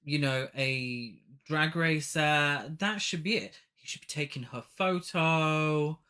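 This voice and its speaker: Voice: medium pitch, slow pace, sharp tone. Rambling, enthusiastic podcast co-host. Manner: enthusiastic, rambling, trails off mid-thought. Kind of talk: casual film-review chat.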